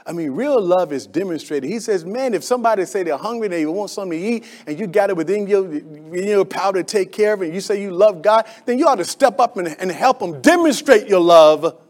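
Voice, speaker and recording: A male pastor preaching a sermon, swinging between loud emphatic calls and low asides, and calling on the congregation to answer him. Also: expressive, a little fast, few pauses.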